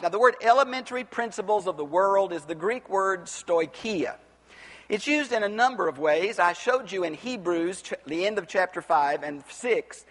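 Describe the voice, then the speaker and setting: Preacher, male, high-pitched and impassioned, booming questions, long hall reverb. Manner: impassioned, rising to near-shouts on rhetorical questions. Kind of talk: expository Bible sermon.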